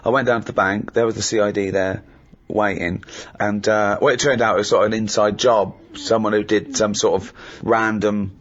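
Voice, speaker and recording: A middle-aged man telling comic anecdotes in casual chat, animated and laughing as he acts out what people said. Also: lowish voice, moderate pace, few pauses, lo-fi sound. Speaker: comedy podcast host.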